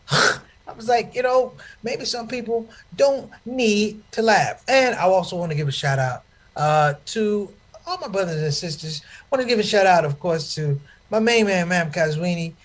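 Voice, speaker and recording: A man with a high voice telling stand-up stories. He is animated and speaks to the crowd like a preacher. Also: a little slow, slight background noise. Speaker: stand-up comedian. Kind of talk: stand-up comedy storytelling.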